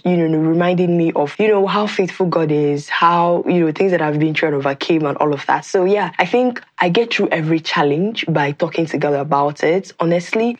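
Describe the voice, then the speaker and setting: A young Nigerian woman with a Nigerian accent, hosting a podcast and answering listener questions in an earnest, casual way, often repeating and restarting words. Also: deep voice. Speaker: podcast host. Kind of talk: casual Q&A chat.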